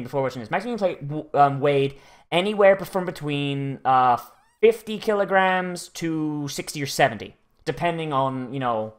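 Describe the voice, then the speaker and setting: A man recaps an anime episode in loose, profane, rambling talk, often restarting his sentences. His voice sits a little on the high side. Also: fairly bright tone. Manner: rambling, sweary, frequent restarts. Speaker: anime reaction host. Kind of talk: casual profane commentary.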